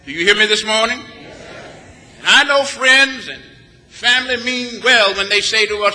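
A Texas preacher builds his sermon at normal speed through rhythmic, emphatic repetition of phrases. His voice is high and very bright, and the long reverb of a large church sanctuary follows his words while the congregation answers back.

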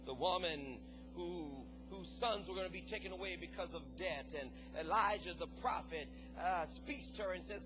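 A man's voice: sits high, moderate pace, music in the background, rough recording. A man preaching an impassioned sermon to his congregation, calling out to the listeners. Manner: impassioned preaching, call-and-response. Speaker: pastor.

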